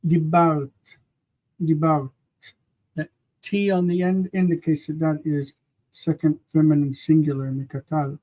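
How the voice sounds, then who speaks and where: A man leads an online class in a somewhat high voice, affirming his students' answers and gently correcting how they pronounce words. He sounds like he is on a video call. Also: flat delivery, measured pace, low-quality recording. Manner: encouraging, gently corrects pronunciation. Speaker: teacher.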